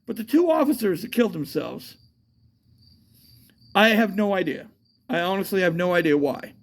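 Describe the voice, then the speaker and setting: High-voiced man rambling profanely. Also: expressive, normal speed, vocal fry. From United States. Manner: profane, meandering, with frequent fillers and restarts. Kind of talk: casual rambling monologue. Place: outdoors at night.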